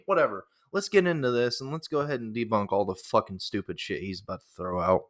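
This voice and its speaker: This reaction commentator has a lowish voice and talks fast with hardly any pauses. His rant is furious and foul-mouthed, circling back to the same points as his anger builds.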